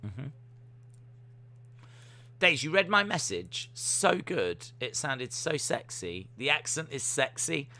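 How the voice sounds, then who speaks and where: A man's voice: medium pitch, very animated, slow pace, long pauses, pushed and bright. A young man hosting a casual watch-along livestream, chatty and self-mocking as he reads out chat messages and makes jokey asides. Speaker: livestream host.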